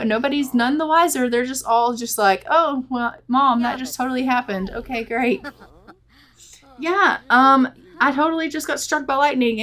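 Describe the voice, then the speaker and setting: Brief: woman gameplay narrator, slightly high voice, chatty and giggly, voices her characters in asides. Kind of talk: casual let's-play commentary.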